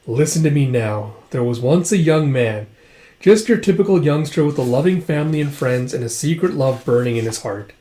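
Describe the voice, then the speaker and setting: A man playing a sinister, scarred villain in a comic read-aloud, calm, mocking and pleased with himself. He speaks slowly and theatrically, and his voice sits a little high for a man. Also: close to an everyday voice. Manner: slow, theatrical and self-satisfied. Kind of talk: dramatic reading of a comic.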